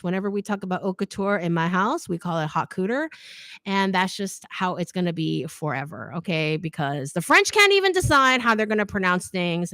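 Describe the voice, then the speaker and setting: A woman's voice: mid-range voice, dry recording, studio quality. Chatty woman hosting a live Q&A. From United States. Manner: chatty, animated storyteller who often adds "okay?". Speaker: host of a fashion design channel. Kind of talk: live Q&A stream, casual chat.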